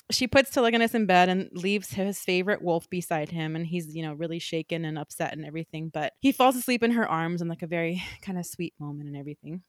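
A woman co-hosting a podcast, casually recapping a novel in animated chat. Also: on the low side, dry recording, clean studio sound. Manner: animated, acts out characters in quotes.

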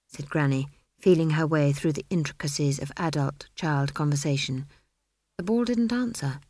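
A woman narrating an audiobook, measured and dry in her storytelling. Her voice sits lowish, and the recording is close and dead, with no room sound. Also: warm tone, dry recording.

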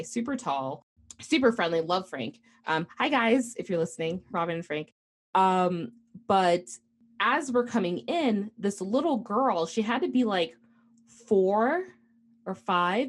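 A young woman co-hosts a casual podcast chat, telling a story in a rambling way with plenty of fillers. Her voice sits a bit low for a woman. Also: slightly rough. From United States. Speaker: podcast co-host.

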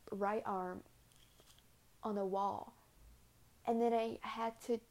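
A woman's voice: medium pitch, warm tone. A young woman in her late teens chatting casually to camera in a rambling way, full of fillers and swearing, sometimes dropping to near whispers. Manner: tense, drops to near whispers at times. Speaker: vlogger. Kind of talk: casual confessional chat.

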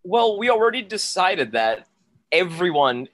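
A man's voice: high-pitched, big pitch swings, measured pace, a bit bright. A man co-hosting a podcast recap, dropping wry, dry remarks in casual chat. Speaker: podcast co-host.

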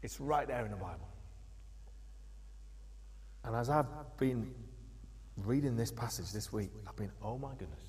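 A man delivers a sermon, spinning stories with lively energy and slipping into the voices of the people he describes. His voice sits at a middle pitch. It rings out with a long echo from a church hall. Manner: animated storytelling, acting out quoted voices. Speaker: pastor.

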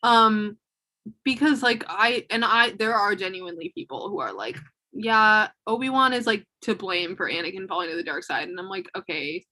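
A woman's voice: mid-range voice, fairly quick. A young woman co-hosting a podcast, talking casually and with strong opinions, full of fillers. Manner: animated, opinionated, filler-heavy. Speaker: podcast co-host. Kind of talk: casual chat.

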